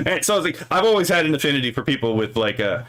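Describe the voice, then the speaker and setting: A man's voice: fairly high pitch, big pitch swings, fairly quick, fairly bright tone. A man streaming casually, reading out viewer comments and rambling through stories, often tagging his sentences with "right?" and chuckling between thoughts. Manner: rambling, keeps asking "right?".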